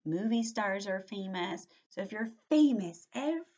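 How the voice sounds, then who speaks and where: A woman teacher explaining words to small children in an animated, patient way, her voice rising and falling often. The recording is dull and slightly lo-fi. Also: medium pitch. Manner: animated, explains slowly with questioning tags. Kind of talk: read-aloud lesson for young children.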